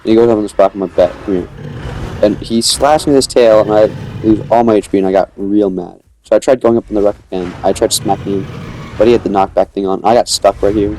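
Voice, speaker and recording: A man's voice: on the low side, dark tone, slight background noise. A young man casually narrating his own dinosaur gameplay, rambling as he tells the story and acting out quoted lines.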